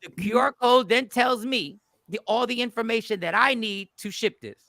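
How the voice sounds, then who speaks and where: A high-voiced man with a gravelly edge hosts a relaxed live stream. He tells a story and acts out both his side and the customer's side. The sound is dry and close, with no room echo. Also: moderate pace. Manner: animated, acts out both sides of customer exchanges; loose, slangy greetings to chat viewers. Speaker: comedian hosting a live stream.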